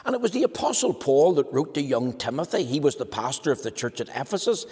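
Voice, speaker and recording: Male preacher, children's address; animated, slightly husky, reverberant hall. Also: fast. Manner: animated storytelling, lively pitch.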